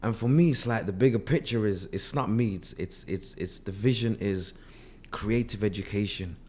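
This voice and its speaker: A man who has lost his voice speaks hoarsely as an interview guest, earnest and often repeating words as he starts a sentence. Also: lowish voice, normal speed, a little mellow. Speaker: artist manager, guest. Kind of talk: casual interview talk.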